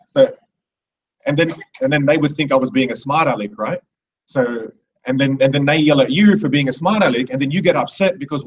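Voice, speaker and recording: A man's voice: medium pitch, fairly quick, far from the mic, low-quality recording. A man in his thirties giving a rambling, digressive live speech to an audience, with many restarts. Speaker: speaker at a live event.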